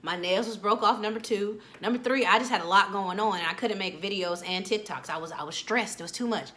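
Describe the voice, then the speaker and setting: This vlogger and motivational host, a woman in her late twenties, speaks at a medium pitch, a little quickly, with a sharp tone. She's candid and chatty, addressing her audience directly as "y'all" in a relaxed talk to camera.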